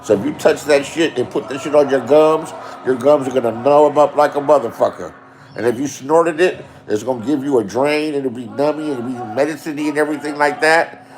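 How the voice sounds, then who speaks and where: A middle-aged man telling profane comic stories, animated, with big swings between loud and hushed, repeating lines for punch. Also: mid-range voice, brisk, a little hiss or hum. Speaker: storyteller. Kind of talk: profane comedic storytelling.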